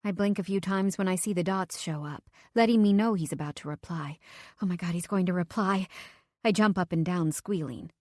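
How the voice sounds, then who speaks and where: A woman's voice: lowish voice, brisk, a little mellow, no room sound, studio quality. A young woman narrating a romance audiobook in the first person, emotive, lifting her voice for her own text messages.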